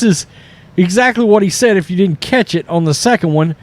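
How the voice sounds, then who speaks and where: A man hosting political commentary over news clips, animated and mocking, often mimicking the people he quotes. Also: sits high, fairly quick. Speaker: commentary host.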